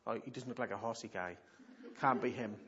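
A man's voice: mid-range voice, brisk. A man preaching in church, a pastor telling stories animatedly and repeating points for emphasis. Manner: animated storytelling, emphatic repetition. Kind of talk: sermon teaching. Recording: dull lo-fi recording.

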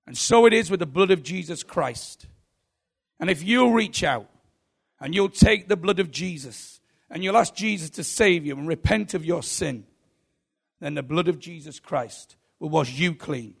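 A man's voice: on the high side, animated, a little slow, creaky, husky. A man preaching a sermon with emphatic, rhythmic repetition.

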